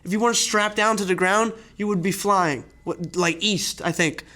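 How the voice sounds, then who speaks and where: A man's voice: high voice, normal speed. A young man hosting a podcast, chatting casually and telling rambling stories. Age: young adult. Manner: rambling storyteller, animated retellings. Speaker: podcast host. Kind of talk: casual chat.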